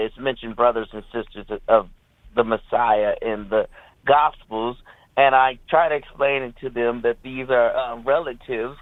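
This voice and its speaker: A man's voice: mid-range voice, no room sound. Earnest male caller on a tinny phone line. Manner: earnest, hesitant, many fillers. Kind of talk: phone-in question.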